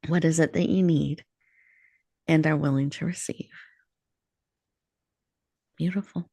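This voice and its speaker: A woman radio host leading a guided breathing meditation in a slow, soothing, inviting way before she welcomes a guest. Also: sits low, fairly even intonation, gravelly, mellow, no room sound.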